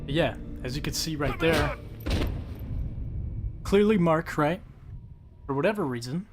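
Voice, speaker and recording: A man streaming a game live, reacting with profane, animated commentary. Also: on the high side, a little slow, noisy background. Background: game music.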